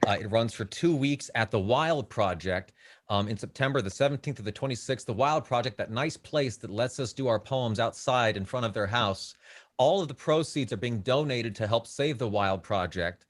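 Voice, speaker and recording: A man's voice: mid-range voice, normal speed. A man at an online open mic, reading a rhythmic, rhyming spoken word poem and chatting nervously over a video call, with some swearing. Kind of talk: spoken word poetry and casual chat.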